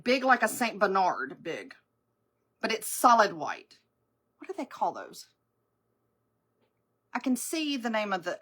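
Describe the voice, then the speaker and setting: A woman rambles through stories on her live makeup stream, keeping things chatty and laughing frequently. She has a bright, pushed, mid-range voice.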